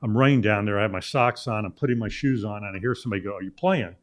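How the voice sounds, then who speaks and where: A middle-aged sports journalist from Illinois, guesting on a talk show, tells a long, rambling story casually, full of "uh" fillers and restarts. His voice is on the low side and he speaks fast.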